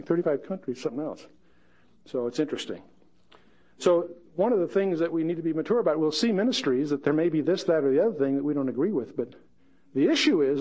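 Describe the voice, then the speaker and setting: A man's voice: on the high side, mellow, highs cut off. A man teaching verse by verse through a Bible passage, chatting with joking asides and reading the scripture quotes dramatically.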